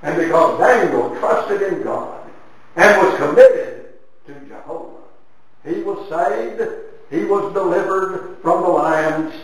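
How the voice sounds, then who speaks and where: A man's voice: slow, distant mic. Man preaching in an echoey hall. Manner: dramatic storytelling with sweeping swings of pitch and loudness. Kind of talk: sermon.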